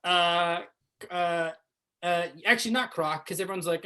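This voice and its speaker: A woman running a tabletop game as game master, laughing often and reacting with quick asides. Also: on the low side, bright, forceful tone, low-quality recording.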